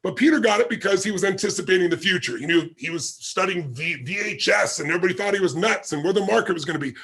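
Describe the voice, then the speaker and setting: A man's voice: high-pitched, quick pace, fairly bright tone, breathy edge. A man being interviewed as a guest, telling a story vividly and acting out the quoted dialogue. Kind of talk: animated anecdotal storytelling.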